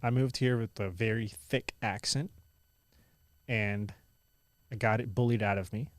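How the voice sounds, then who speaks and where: A young man from India who now speaks with an American accent, telling stories as a guest in a casual interview, animated and full of "like". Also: on the low side, a little slow, no room sound. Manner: animated, lots of "like" and "I was like" quotes.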